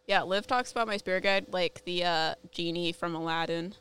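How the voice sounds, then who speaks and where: A woman's voice: on the low side, normal speed, fairly bright tone, clear, resonant tone. A woman co-hosting a casual podcast, asking curious follow-up questions in a playful way. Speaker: co-host.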